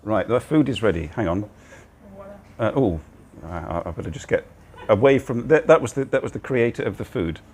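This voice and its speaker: A man's voice: lowish voice, animated, normal speed, darkish tone, slightly rough. An older man hosting a casual livestream from a cafe, chatting in a rambling way while he eats, recorded on a phone on a gimbal. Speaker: livestream host. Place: cozy cafe, indoors. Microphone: phone on a handheld gimbal.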